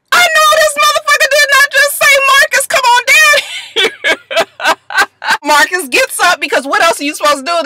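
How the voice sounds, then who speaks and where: A woman telling a personal story to her viewers in a casual vlog, animated, laughing often and swearing freely. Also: a little high, low-quality recording. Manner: addresses viewers directly as "you guys". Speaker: vlogger.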